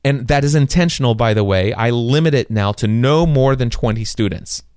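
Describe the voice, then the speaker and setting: Speaking at medium pitch and normal speed, the podcast host has a clear, resonant tone that's a little mellow. He fills his solo monologue with enthusiastic stories and acted-out dialogue, recorded in a small studio on a studio microphone with no room sound.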